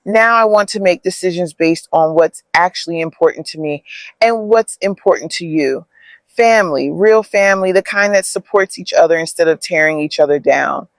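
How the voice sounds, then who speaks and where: A man's voice: on the high side, normal speed, dry recording, natural voice. A man doing an earnest grown son. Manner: earnest, heartfelt.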